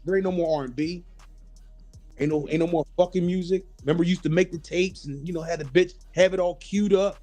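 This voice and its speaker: A man's voice: sits high, warm tone. A man hosting a casual chat, telling stories with lots of swearing and acted-out quotes. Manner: storytelling, swears freely, acts out quotes. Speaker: host.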